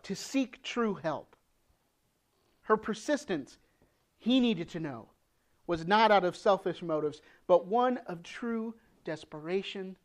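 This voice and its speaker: A woman preaching a sermon, earnest, posing rhetorical questions with dramatic pauses. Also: on the low side. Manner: acts out quoted pleas with rising emotion.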